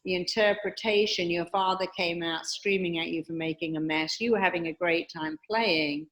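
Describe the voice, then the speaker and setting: A woman, a hypnotherapist explaining her ideas calmly and emphatically in an interview. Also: fairly low pitch, normal speed. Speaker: hypnotherapist and guest speaker. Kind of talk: teaching in an interview.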